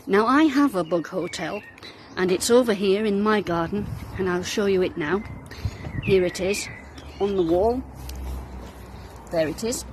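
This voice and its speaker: A woman's voice: medium pitch, unhurried, long pauses, rough recording. A woman with a Darlington accent explains things to children in a friendly, patient way. She is outdoors in her garden, with faint traffic passing in the background. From North East England. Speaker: minister.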